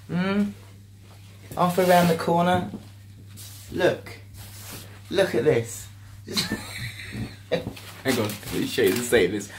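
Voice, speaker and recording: A man in his thirties with a British accent, talking casually to the camera in a video diary, chatty and quick to laugh. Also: on the high side, very animated, slight background noise. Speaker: vlogger.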